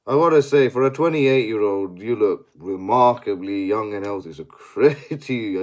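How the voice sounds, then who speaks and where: A man's voice: mid-range voice, a little slow, few pauses. A young man giving a sweary, exasperated post-match analysis as a football fan.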